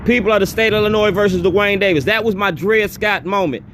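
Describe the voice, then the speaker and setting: Against a noisy background, an activist at a town hall delivers an impassioned, defiant speech in a high voice, talking fast. He is confrontational and keeps repeating his demands.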